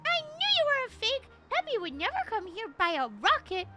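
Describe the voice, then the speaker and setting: A woman voicing a cheerful, pleading young companion in a video game, sweet and animated. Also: very high-pitched, a little fast. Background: game music.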